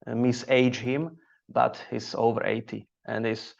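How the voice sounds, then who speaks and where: A man from Slovakia with a Slovak accent, a stand-up comedian chatting on a podcast, halting, with many fillers and restarts. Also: mid-range voice, little pitch movement, gravelly, dull audio. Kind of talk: casual podcast chat.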